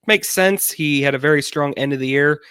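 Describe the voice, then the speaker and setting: A young man co-hosting a casual sports podcast, talking haltingly with many fillers. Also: fairly high pitch, pushed and bright, clean tone, dry recording, clean studio sound. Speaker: podcast co-host.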